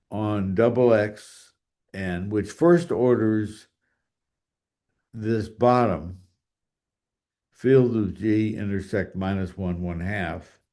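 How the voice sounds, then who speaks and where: A man's voice: on the low side, warm tone. A man giving a math lecture, thinking aloud with fillers and restarts and drifting away from the mic now and then.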